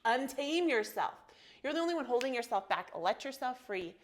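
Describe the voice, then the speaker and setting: A woman's voice: mid-range voice, lively intonation, normal speed. A woman in her thirties leading a guided yoga class from her home, soothing and affectionate, with audible sighing breaths between cues. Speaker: yoga instructor.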